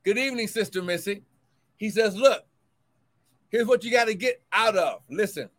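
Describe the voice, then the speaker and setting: Preaching on a livestream as pastor and prophet, the man shifts back and forth between loud shouts of glory and rapid, hushed remarks to his viewers.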